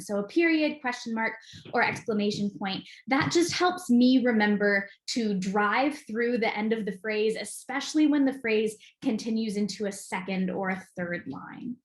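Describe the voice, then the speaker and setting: A woman giving an enthusiastic, clear recorded lesson as an acting teacher. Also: a little high, normal speed, roomy sound.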